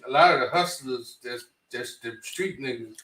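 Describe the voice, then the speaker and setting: Co-host, man, mid-pitched voice, laid-back slangy talk, off-mic and echoey. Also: moderate pace, bright, forceful tone, distant mic. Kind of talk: casual chat. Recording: roomy echo, off-mic.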